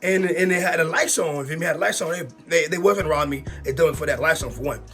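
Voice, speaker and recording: A young man, telling a long storytime with slangy, repetitive, excitable talk. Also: fairly high pitch, fast, soft background music. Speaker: storytime YouTuber. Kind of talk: animated storytime monologue.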